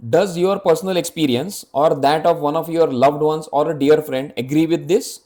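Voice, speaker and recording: Man, 50s, earnest explainer narrator with a slightly raised pitch, talks straight to camera. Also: steady tone, moderate pace, mellow. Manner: earnest, direct, addresses viewer with rhetorical questions. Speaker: health app presenter. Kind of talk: scripted health explainer narration.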